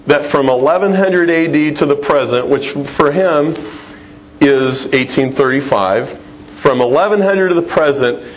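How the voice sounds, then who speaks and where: A middle-aged man giving a conversational, emphatic lecture-style talk, with frequent restarts. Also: on the high side. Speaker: Christian speaker. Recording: dull lo-fi sound with faint noise.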